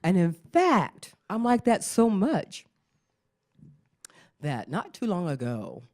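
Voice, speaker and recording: Middle-aged woman comic, slow lively delivery, live crowd. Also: fairly low pitch. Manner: animated storytelling, acts out voices, laughs often. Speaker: stand-up comedian. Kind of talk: stand-up comedy routine. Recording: live show with audience behind.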